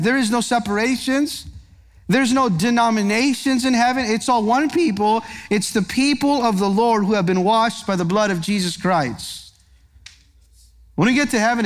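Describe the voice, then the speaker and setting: A male pastor preaching a verse-by-verse sermon, earnest and emphatic, putting rhetorical questions to his congregation. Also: high-pitched. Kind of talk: expository sermon. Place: church sanctuary.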